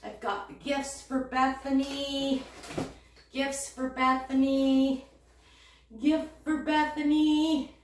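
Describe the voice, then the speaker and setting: A woman in her fifties vlogging casually at home, excitable and repeating herself. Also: sits high, drawn-out words. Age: 50s. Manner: excitable, repeats phrases, gasps and squeals. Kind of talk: casual unboxing chat. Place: home room, packing. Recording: echoey room, faint noise.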